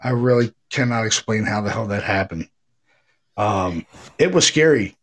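A man's voice: on the low side, moderate pace. A middle-aged man, a paranormal investigator, telling a ghost story in a casual, rambling way, swearing freely and acting out what people said. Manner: rambling, profane, animated retelling with acted quotes.

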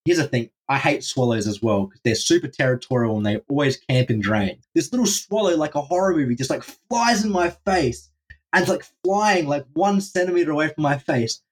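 A young man guest on a podcast, telling an adventure story in an animated, profane way and acting out his own panicked reactions. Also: on the high side, a little fast, slight background noise. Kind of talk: storytelling in a casual interview.

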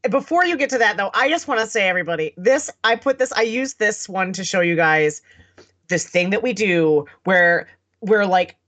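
A woman's voice: medium pitch, animated, moderate pace, a bit bright. A blunt woman from the Southern United States, co-hosting a casual chat about writing. She swears freely and restarts her sentences often. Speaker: podcast co-host.

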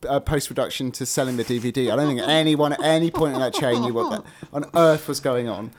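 A man's voice: mid-range voice, fast, crowd noise. A British man co-hosting a podcast in casual chat, with dry, wry humour. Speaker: podcast co-host.

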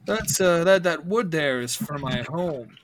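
Man doing a gruff rooster-like brute. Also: mid-range voice, moderate pace, a bit bright, slight background noise, lightly acted. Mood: suspicious. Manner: accusing, pushy. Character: big gruff rooster-like male laborer, hostile and suspicious.

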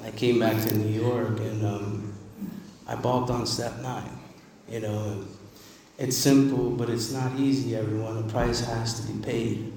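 A man's voice: medium pitch, little pitch movement, measured pace, darkish tone, a little hiss or hum. Man, recovery meeting talk, emphatic conversational testimony, long reverb, faint room ambience. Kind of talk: personal testimony speech. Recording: echoey hall, distant mic, faint ambience.

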